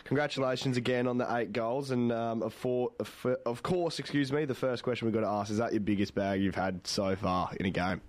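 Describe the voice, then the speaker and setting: An Australian man hosting a sports radio show, halting and stumbling over his words. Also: medium pitch, dry recording. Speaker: radio host.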